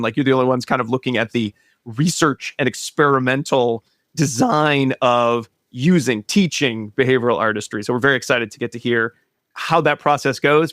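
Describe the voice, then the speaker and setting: A man's voice: medium pitch, a bit bright, dry recording, studio quality. A man hosting a podcast in a casual, joking way, rambling a bit with restarts as he introduces a guest. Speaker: podcast host.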